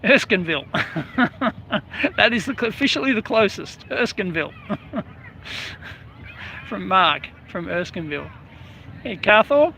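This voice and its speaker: A man's voice: high-pitched, animated, a little slow, vocal fry, pauses often, bright, forceful tone, a little hiss or hum. An Australian man hosting a casual outdoor live stream, chatting and greeting viewers by name in a rambling way. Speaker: livestream host.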